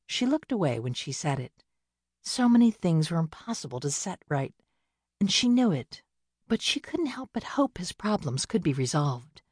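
Husky-voiced woman reading a novel. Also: low voice, dry recording, clean studio sound. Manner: steady, measured storytelling. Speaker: audiobook narrator. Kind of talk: scripted narration.

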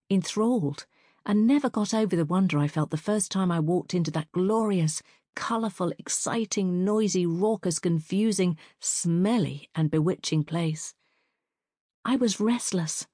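A woman narrating a first-person fantasy story as an audiobook reader, in a measured, even storytelling manner. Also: on the low side, no room sound, clean studio sound.

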